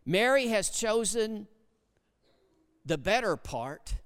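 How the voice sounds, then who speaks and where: A pastor preaching a sermon, swinging between hushed, low passages and loud, emphatic ones. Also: male voice, big pitch swings, slow, smooth. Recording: long hall reverb.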